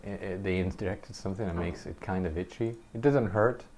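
A man casually telling a personal story over gameplay, animated and halting, often laughing between sentences. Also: deep voice, slight background noise. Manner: halting, many restarts. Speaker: gameplay commentator.

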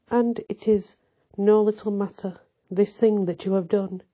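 Gentle old priest, soothing and tender, husky low tone, dull lo-fi sound, read by a woman. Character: kindly old male village priest, gentle. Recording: dull lo-fi recording.

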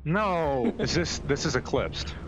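A man's voice: a little high, expressive, slow pace, dull audio. A young man in casual gaming banter, panicking, screaming and trash-talking his teammates. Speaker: gaming video creator.

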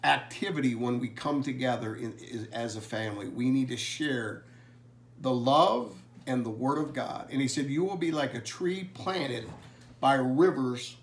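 A man preaching a family blessing sermon, earnestly reading scripture slowly and with emphasis. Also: medium pitch.

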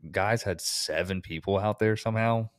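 A man's voice: lowish voice, moderate pace, clean tone, dry recording, clean studio sound. An American man co-hosting a podcast, chatting casually and telling work stories, swearing freely. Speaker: podcast co-host, HVAC technician. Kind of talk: casual chat.

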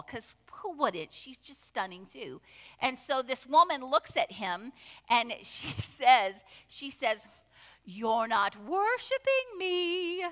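A woman's voice: on the high side, bright, forceful tone, long reverb tail. A woman pastor preaching a conversational sermon, full of asides and rhetorical questions. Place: church sanctuary.

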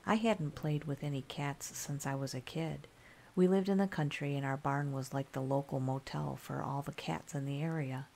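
A woman narrating a scary story in a calm, soft-spoken ASMR style. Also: low voice, normal speed, gravelly, a little hiss or hum.

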